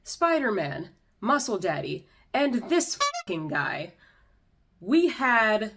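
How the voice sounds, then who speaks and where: A woman's voice: a little high, wildly swooping pitch, slow pace, fairly bright tone. A young woman hosting a commentary vlog, delivering an exasperated, sarcastic rant. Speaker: YouTube commentator.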